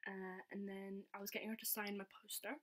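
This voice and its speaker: A woman's voice: medium pitch, little pitch movement, a little fast, a bit bright. Young woman vlogger, chatty and giggly, casual storytelling. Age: young adult. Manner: chatty, giggly, says "like" a lot.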